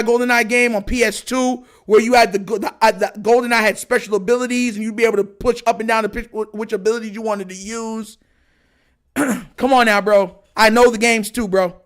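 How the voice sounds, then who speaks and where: A man in his thirties hosting a livestream, telling stories in slangy, animated casual chat and talking straight to his viewers. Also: very high voice. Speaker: livestream show host.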